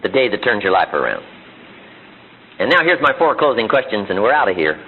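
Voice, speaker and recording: A man's voice: lowish voice, sing-song, fairly quick, phone-quality sound, a little hiss or hum. A man giving a live motivational seminar speech in a room, driving his points home with emphatic rhetorical questions and repetition, heard on an old archival recording. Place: seminar room before an audience.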